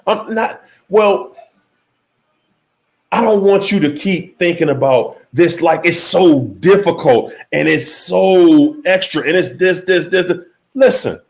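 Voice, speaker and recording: Livestream host, man: emphatic and preachy, a high, very lively voice that jumps from loud exclaims to low mutters. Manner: emphatic, preachy, talks straight to viewers. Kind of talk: motivational livestream talk.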